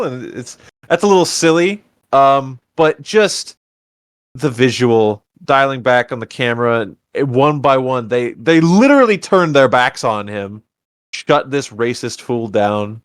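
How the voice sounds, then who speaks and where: A man co-hosting a podcast, chatting casually about a movie with animated, sarcastic jokes. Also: mid-range voice, unhurried, no echo, studio quality. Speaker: podcast co-host. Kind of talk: casual chat.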